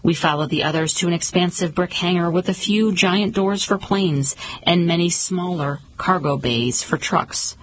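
A woman reading a story aloud as a narrator, in a calm, measured storytelling manner. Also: on the low side, a little hiss or hum, poor audio. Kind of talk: audiobook narration.

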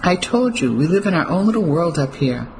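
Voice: medium pitch, big pitch swings, a little fast, a little mellow, a little hiss or hum, poor audio. A reader voicing a frightened, defiant Englishwoman. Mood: alarmed.

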